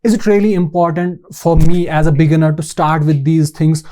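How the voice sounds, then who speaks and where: A man's voice: a little high, little pitch movement, fairly quick, warm tone. A man interviewing a guest, asking long, thoughtful questions with many hesitations. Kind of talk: conversational interview.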